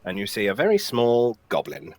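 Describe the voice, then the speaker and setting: Game master, male; rambling, self-deprecating narration with an animated, lively pitch. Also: moderate pace, dry recording.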